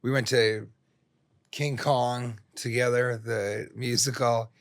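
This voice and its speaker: Speaking slowly in a level, medium-pitched voice, a middle-aged comedian drifts through long, jokey stories laced with swearing as a guest on a podcast. The casual interview is recorded at studio quality with no echo.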